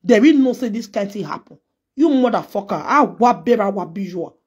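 A woman's voice: medium pitch, animated, fairly quick, a little mellow, slightly rough, lo-fi sound. A Nigerian woman delivering a heated, scolding rant in which she trades insults. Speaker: social media personality. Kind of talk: angry response rant.

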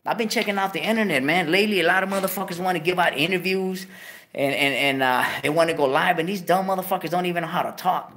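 A man's voice: high-pitched, fast, a bit bright. A man hosting his own show, ranting heatedly, swearing constantly and repeating himself. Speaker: host. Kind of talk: profane monologue rant.

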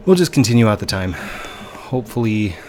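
A man's voice: on the low side, sing-song, moderate pace. A man casually commenting on his own gameplay as host, chatty and sighing at glitches. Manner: chatty, sighing, mildly exasperated. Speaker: gaming video host. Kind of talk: casual let's-play commentary.

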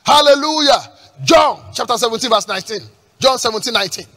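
A pastor preaching a sermon with emphatic call-and-response questions, repeating words and breaking into shouts at the peaks. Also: male voice, extremely high pitch, quick pace.

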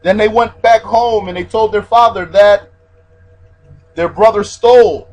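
A man with a high, husky voice gives an explanatory religious lesson. He goes over each point more than once and leans on the Arabic terms he teaches. Faint music sits under his voice. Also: fairly even intonation, unhurried, darkish tone, poor audio. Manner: repeats key points, stresses Arabic terms.

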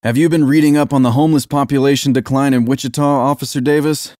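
A man's voice: medium pitch, fairly even intonation, quick pace, no echo, clean studio sound, pitched above the performer's own voice, lightly acted. A man voicing a scornful, bossy police lieutenant who speaks curtly and with contempt. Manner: curt, contemptuous, shouting.

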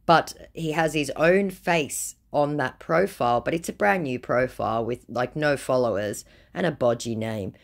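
A woman's voice: a bass voice, normal speed, creaky, few pauses. A woman giving a casual vlog update in a wry, amused and dismissive tone. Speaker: video creator.

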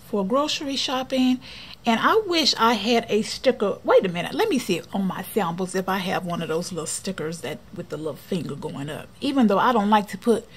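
A woman chatting casually while decorating her planner for a vlog, often dropping to a soft near-whisper. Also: on the high side. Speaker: planner vlogger.

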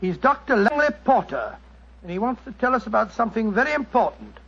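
An actor with a British accent playing a bluff, kindly older doctor in a 1940s radio show, blustering and amiable. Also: male voice, high-pitched, sing-song, brisk, a bit bright, slightly rough, heavily acted. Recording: dull old radio broadcast.

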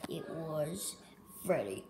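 A woman's voice: low-pitched, lively intonation, slow pace, mellow, exaggerated voice. A woman voicing a bossy, scolding male bear plushie in a home toy skit. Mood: stern. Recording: echoey room with background noise.

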